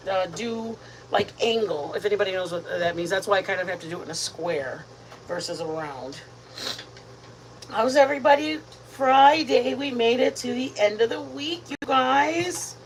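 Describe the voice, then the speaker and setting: Woman, home cooking livestream host, rambling chatty delivery, slightly high voice, faint background noise. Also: expressive, normal speed, poor audio. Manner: chatty, rambling, addresses viewers as "you guys". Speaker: host of a live cooking stream. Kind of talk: casual live-stream chat while cooking. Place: home kitchen.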